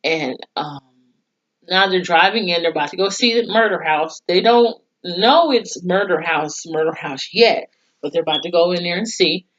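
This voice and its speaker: A woman's voice: lowish voice, normal speed, a bit bright, lo-fi sound. A young woman casually recapping a TV episode, chatty and profane, acting out the characters' lines as she goes. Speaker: TV reviewer.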